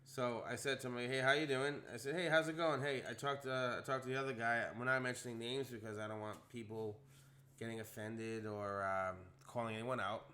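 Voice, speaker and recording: A young man telling a story on a casual podcast, animated, acting out the quotes in a rising voice. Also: medium pitch, brisk.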